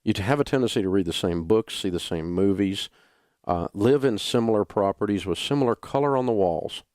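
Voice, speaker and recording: A man's voice: fairly low pitch, fairly quick, darkish tone, no room sound, studio quality. An older man with a Southern US accent, a radio talk show host delivering a folksy, blunt, emphatic monologue. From Southern United States.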